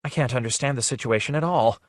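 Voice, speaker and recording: A man's voice: medium pitch, quick pace, no room sound, pitched above the performer's own voice, close to an everyday voice. A man reading an audiobook, voicing a refined wealthy woman who talks in an anxious, fluttery way.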